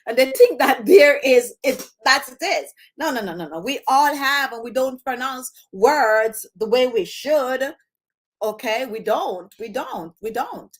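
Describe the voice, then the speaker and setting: A woman's voice: high-pitched, expressive, unhurried. A woman from Jamaica with a Jamaican accent, hosting her beauty channel in casual chat to camera, dropping her H sounds and repeating phrases for emphasis.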